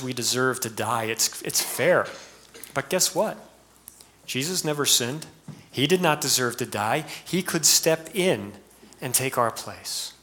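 Middle-aged guy preaching, lively, jumps way up high to poke fun. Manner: lively preaching with sudden high-pitched, mocking asides. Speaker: pastor. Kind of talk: sermon.

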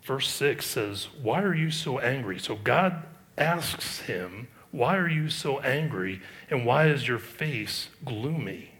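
A middle-aged male pastor preaching a sermon, reading scripture aloud and commenting on it with emphatic rises and quiet asides. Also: mid-range voice, animated, takes it slowly.

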